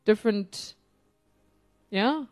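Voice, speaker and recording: A woman's voice: medium pitch, extremely slow, a little mellow. A woman co-hosting a casual film review chat, emphatic and opinionated, laughing often. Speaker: podcast co-host.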